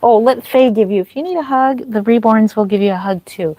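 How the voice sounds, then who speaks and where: Warm in tone and fairly high, this woman's voice moves fairly quickly with hardly any pauses and no room sound. Livestreaming from a home nursery as a reborn doll artist with a microphone on, she chats, thanks viewers by name, uses many fillers and has a slightly dry throat.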